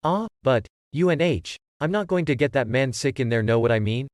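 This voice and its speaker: A man's voice: medium pitch, expressive, a little fast, darkish tone, no room sound, studio quality, lightly acted. A man reading as a nervous, pleading test subject. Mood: uneasy, pleading. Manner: hesitant, pleading, folksy. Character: anxious, reluctant middle-aged male test subject.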